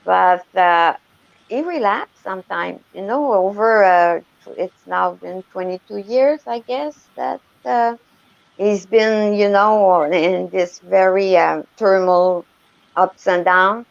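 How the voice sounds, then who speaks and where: Lady on a call, slow and halting, gravelly voice, kinda dull lo-fi sound. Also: mid-range voice, no room sound. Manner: hesitant, searching for words. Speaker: caller. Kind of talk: casual chat.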